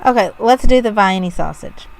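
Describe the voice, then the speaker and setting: A woman's voice: medium pitch, normal speed, gravelly, poor audio. Wry joking woman co-hosting a podcast. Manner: wry, joking, self-deprecating. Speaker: podcast co-host. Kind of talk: casual chat.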